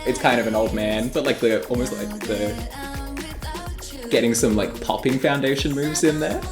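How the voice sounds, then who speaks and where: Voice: medium pitch, fairly quick. An Australian music video reactor giving casual, rambling commentary full of filler words. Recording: roomy room with faint music.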